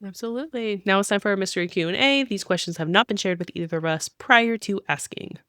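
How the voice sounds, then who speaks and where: A woman co-hosting a book podcast, chatting in an animated way and laughing often. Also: mid-range voice, fast, dry recording, studio quality. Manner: animated, laughs often, quotes people in voices. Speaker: podcast co-host. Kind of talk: casual chat.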